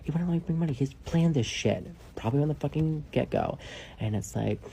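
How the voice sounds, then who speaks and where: A man telling a casual storytime, rambling and swearing, leaning on "like" and dropping into hushed asides. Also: fairly high pitch, lively intonation, brisk, creaky, a little hiss or hum. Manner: rambling, profane, heavy use of "like"; drops to a hushed whisper for asides.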